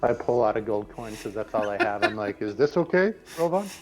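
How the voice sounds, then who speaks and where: A male tabletop player with a low voice speaks casually and brashly. Music is clearly heard behind him. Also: expressive, brisk. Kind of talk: tabletop game play.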